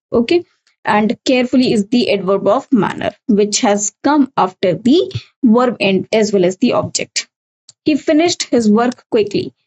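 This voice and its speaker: A woman's voice: fairly high pitch, a little mellow, husky, poor audio. A woman with an Indian English accent teaching an English grammar lesson, explaining step by step, repeating key points and often saying "okay". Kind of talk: recorded exam-prep lesson.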